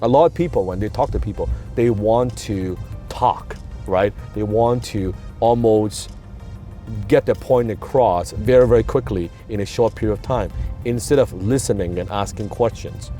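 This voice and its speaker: A man's voice: lowish voice, moderate pace, warm tone, faint music behind. A man with a non-native English accent gives an emphatic motivational talk, repeating key words and asking rhetorical questions. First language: not English. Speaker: business and communication coach.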